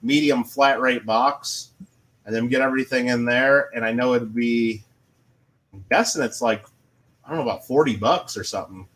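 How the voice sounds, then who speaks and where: Rich: A man chats in a relaxed, easygoing way while playing a farming game on a live stream. He hesitates, restarts his sentences and laughs often, and his voice sits at a middle pitch. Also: moderate pace. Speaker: streamer and chat moderator. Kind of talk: casual stream chat while gaming.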